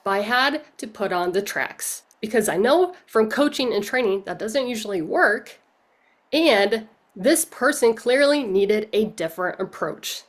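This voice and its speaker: A woman's voice: on the high side, expressive, measured pace. A woman coach giving a conference talk, telling a story and asking rhetorical questions. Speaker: coach speaking at a leadership conference.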